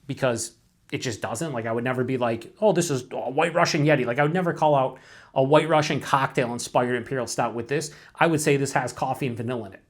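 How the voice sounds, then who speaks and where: A man's voice: mid-range voice, fast. A man casually reviewing a beer on his own channel, rambling with lots of fillers, swearing freely and mocking himself in asides.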